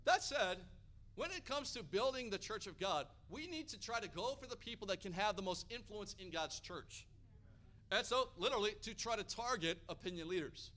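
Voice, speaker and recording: A man from Hawaii delivers a sermon full of personal stories, animated and energetic. His voice sits high for a man, with a bright, forceful edge. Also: moderate pace. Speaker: pastor.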